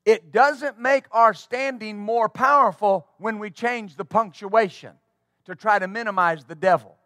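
Pastor guy preaching hard, high voice, dry close sound, keeps asking amen. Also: measured pace, fairly bright tone, no room sound. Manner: fervent preaching with call-and-response asides. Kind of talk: sermon.

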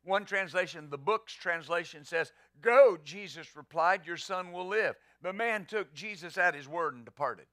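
A man's voice: a little high, normal speed, hardly any pauses, bright, forceful tone, no echo, studio quality. A man pastor preaching a sermon, emphatic, asking rhetorical questions and answering them.

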